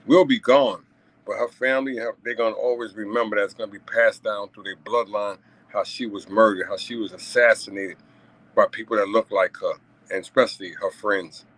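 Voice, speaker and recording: Low-voiced man in emphatic vlog commentary. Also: steady tone, brisk, a bit bright, poor audio. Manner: emphatic and repetitive, frequent "you know what I'm saying" asides; chuckles between points. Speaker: vlogger commenting on a news story. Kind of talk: casual commentary monologue.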